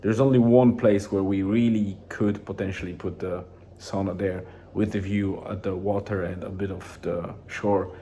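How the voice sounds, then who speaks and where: Low, dark-voiced man rambling casually. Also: moderate pace, few pauses, a little hiss or hum. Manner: rambling, relaxed, with many restarts and fillers. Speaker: vlogger. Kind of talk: casual daily journal vlog.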